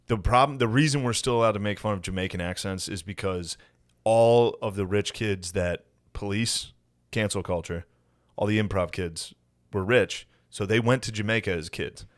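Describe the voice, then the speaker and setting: A man's voice: lowish voice, moderate pace, no echo, clean studio sound. A man co-hosting a podcast in casual comedic chat, crude and sarcastic. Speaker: podcast co-host.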